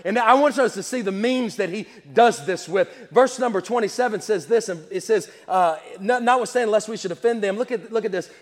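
A man with a high voice preaches a sermon. He repeats his key phrases in a rhythmic, rising way and reads old-style scripture aloud. His voice rings with the long echo of a church hall. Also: a little fast, few pauses.

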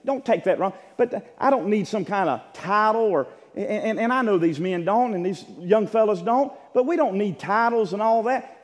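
High lively preacher guy, big echoey church reverb. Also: normal speed, hardly any pauses. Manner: emphatic, repetitive preaching with rising shouts. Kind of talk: sermon. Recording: church sanctuary with long reverb.

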